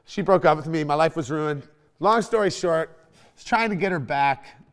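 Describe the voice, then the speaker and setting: A young man hosting a casual chat, telling a lively, swearing, laughing story. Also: fairly high pitch, moderate pace, smooth. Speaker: podcast host.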